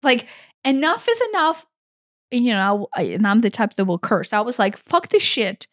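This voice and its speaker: A woman's voice: on the high side, big pitch swings, moderate pace, no echo, studio quality. A woman in her forties co-hosting a podcast, talking in an earnest, emotional way and swearing freely. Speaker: podcast co-host. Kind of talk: casual conversation.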